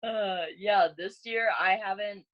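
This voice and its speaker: A young woman in her late teens, a high school senior, chatting casually with a classmate and using many "like" fillers. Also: fairly even intonation, a little slow, dull audio. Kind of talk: casual chat between classmates.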